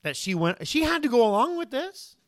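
A man preaching a sermon in an animated way, often putting questions to his listeners and briefly voicing the people in the story. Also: very high voice, a little fast, no echo, studio quality. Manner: animated, asks the listeners questions, voices the figures.

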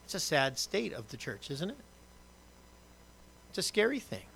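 High bright-voiced guy preaching, jokey, acts out the quotes. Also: normal speed, gravelly, slight background noise. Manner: animated, acts out quotes and asides with humor. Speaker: pastor. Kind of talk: sermon.

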